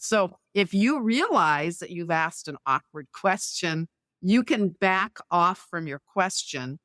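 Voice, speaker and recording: A middle-aged woman, a podcast guest, explaining conversation tips clearly and illustrating them with anecdotes. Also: lowish voice, lively intonation, slow pace, fairly bright tone, dry recording, clean studio sound.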